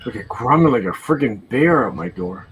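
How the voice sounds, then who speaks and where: Teasing man with a lively voice. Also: medium pitch, moderate pace, noisy background. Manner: teasing, playful. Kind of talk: casual live-stream chat.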